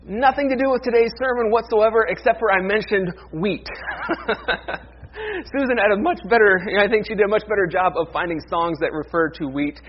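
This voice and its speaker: A man's voice: high-pitched, a little fast, dull audio. A man in his thirties, a pastor giving a casual, self-deprecating sermon that opens with a folksy joke.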